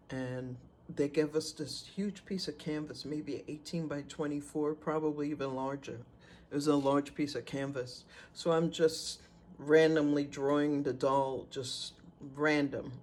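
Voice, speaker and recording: Man, slightly higher voice, slow personal storytelling, faint background hiss. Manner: unhurried, halting, with fillers and pauses. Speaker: storyteller sharing a personal testimony.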